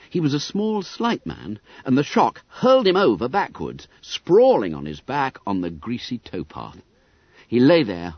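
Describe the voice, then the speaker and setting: A male narrator reads an audiobook with lively, expressive storytelling. His pitch ranges very widely, and his voice is a little husky. The recording is dry and dull. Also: no echo. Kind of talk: scripted narration.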